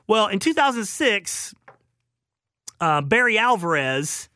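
A man's voice: high-pitched, big pitch swings, takes it slowly, pushed and bright, no room sound, clean studio sound. A man with a Southern accent hosting a call-in sports radio show, telling rambling anecdotes with chuckles.

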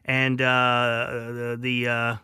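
A man's voice: mid-range voice, monotone, extremely slow, pushed and bright, clean tone, no echo, studio quality. A man hosting a sports talk radio show, chatting animatedly and laughing easily as he asks questions.

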